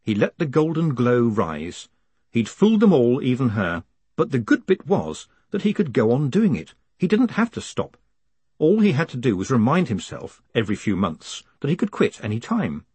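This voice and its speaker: A man narrating an audiobook in a wry, measured storytelling manner. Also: medium pitch, huge pitch swings, a little mellow, husky, dry recording. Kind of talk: scripted narration.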